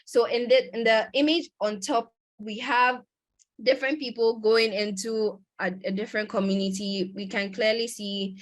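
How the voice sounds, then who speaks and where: A woman's voice: a little high, fairly even intonation, moderate pace. A woman presenting a conference lecture over a video call, talking in a conversational way with fillers and restarts.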